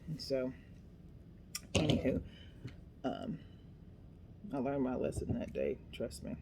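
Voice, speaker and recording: Her bass voice is gravelly and animated, unhurried, with long pauses and background noise. She's a middle-aged craft vlogger who chats casually and rambles through a project, talking to herself and teasing herself.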